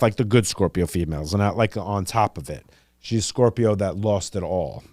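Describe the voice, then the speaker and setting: A man hosting a podcast, rambling casually with lots of fillers and an animated delivery. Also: medium pitch, dry recording, studio quality. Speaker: podcast host. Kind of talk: casual chat.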